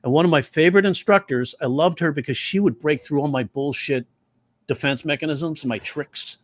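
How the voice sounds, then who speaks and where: A man who teaches comedy telling stories in an interview, animated and slipping into quoted voices. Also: on the high side, moderate pace, no echo. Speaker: comedy teacher and stand-up comic. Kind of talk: storytelling interview talk.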